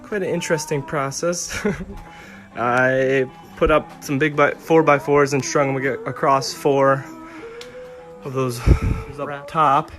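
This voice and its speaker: A man explaining his boat restoration in a relaxed, halting way with plenty of fillers, recorded on a phone in his home garage. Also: mid-range voice, soft background music. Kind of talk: casual how-to narration. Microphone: phone camera.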